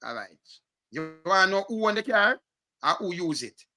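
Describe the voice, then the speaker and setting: A man with a Jamaican accent reading through documents and commenting, animated and emphatic in patois. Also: sits high, normal speed. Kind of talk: casual chat.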